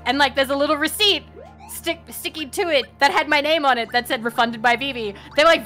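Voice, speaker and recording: A woman's voice: sits high, fairly quick, sharp tone, faint music behind. A young woman telling stories in a casual stream chat, laughing often and acting out customers. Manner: chatty storyteller, laughs often, acts out customers.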